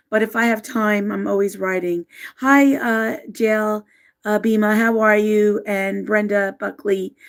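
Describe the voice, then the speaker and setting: Woman on a livestream, halting and emotional, lots of pauses and restarts, reads her own notes out loud. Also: mid-range voice. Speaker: livestream host. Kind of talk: live stream talk, reading her own writing aloud.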